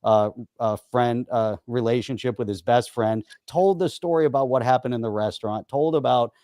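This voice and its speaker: A man's voice: medium pitch, normal speed, warm tone, no echo, clean studio sound. A man co-hosting a podcast, telling stories in a rambling, casual way with many fillers. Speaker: podcast co-host. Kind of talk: casual political chat.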